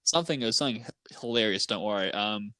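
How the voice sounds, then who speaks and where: A man's voice: on the low side, animated, fast talker, sharp tone, smooth, no room sound. Young man, new zealand accent, stumbling rambling chatter, laughs a lot, dry close sound. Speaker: podcast co-host. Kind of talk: casual podcast chat.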